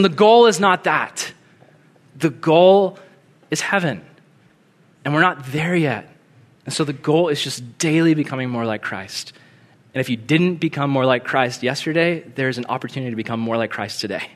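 A man's voice: medium pitch, lively intonation, normal speed, pauses often. Earnest male pastor preaching. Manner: earnest, conversational, with emphatic swells and hushed prayer. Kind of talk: sermon.

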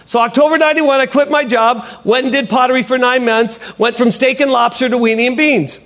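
A middle-aged man giving a spoken testimony in a church setting, an animated storyteller who acts out the dialogue. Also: very high voice, fairly quick, few pauses. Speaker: potter and ministry speaker. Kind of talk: testimony sermon.

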